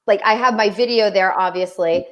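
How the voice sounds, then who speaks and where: A woman with a New York accent chatting on a video call show, quick to laugh and often repeating her words. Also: medium pitch, a bit bright. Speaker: guest, restaurant promoter. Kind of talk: casual livestream chat.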